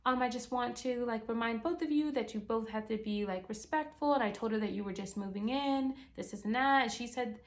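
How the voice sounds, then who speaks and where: A woman voicing a chirpy woman leasing agent who talks in a bright, placating way. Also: fairly high pitch, a little fast, hardly any pauses, natural voice. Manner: bright, placating, smoothing things over.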